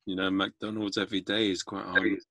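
A man's voice: deep voice, level tone, moderate pace, pushed and bright, slightly rough, no room sound. A man hosting a podcast, chatting casually and making self-mocking jokes that ramble a little. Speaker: podcast host. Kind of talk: casual chat.

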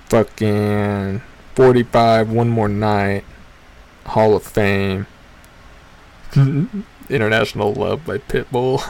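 A man in his twenties hosting a show, telling a crude, rambling, profane comedic story with sudden loud jumps in pitch for emphasis. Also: vocal fry. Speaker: podcast host. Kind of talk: casual comedic monologue.

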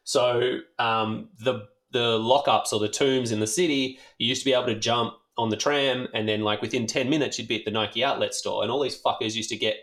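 An Australian man telling a rambling, animated story in casual chat, swearing freely and leaning on fillers. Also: mid-range voice, fairly quick, hardly any pauses. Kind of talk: casual anecdote.

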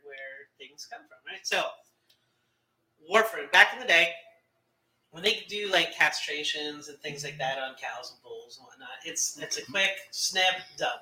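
Bright, lively man in a roomy space. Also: fairly high pitch, a little slow. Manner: laughs often, explains with asides. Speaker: podcast guest, doctor. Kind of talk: casual podcast chat. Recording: roomy sound with faint noise.

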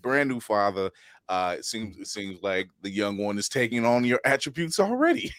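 A middle-aged man hosts a podcast in a low voice with a wide, swinging melody. He laughs easily and slips into playful voices for quotes. The sound is dry and close. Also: moderate pace, no room sound. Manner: animated, laughing, acts out quotes in funny voices. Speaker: podcast host. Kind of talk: casual chat.

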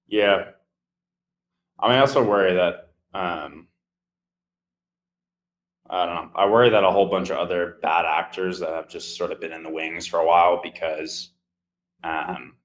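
A man's voice: deep voice, steady tone, moderate pace, long pauses, reverberant. A man hosting a podcast, talking in a thoughtful, rambling casual chat.

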